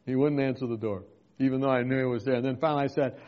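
A pastor telling a personal story in a sermon, who laughs often between lines. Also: male voice, mid-range voice, fairly even intonation, racing, a little mellow, dull audio.

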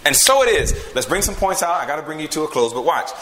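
Male preacher, emphatic, lively pitch swings, bright ringing tone, roomy sound. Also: quick pace. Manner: emphatic, swings from loud to hushed. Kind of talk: sermon.

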